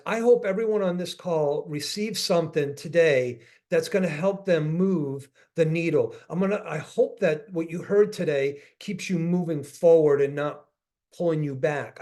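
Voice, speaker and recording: Man, real estate coach on a video call, earnest storyteller, slightly high voice, repeats himself. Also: a little mellow. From northeastern US. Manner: earnest, repeats phrases, restarts sentences. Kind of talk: motivational storytelling on a group call.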